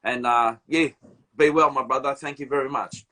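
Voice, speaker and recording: A man's voice: mid-range voice, normal speed. A man hosting a live video chat, telling stories in a loose, slangy way. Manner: animated storytelling, slangy. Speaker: host. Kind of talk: casual live-stream chat. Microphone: phone or laptop on a live video call.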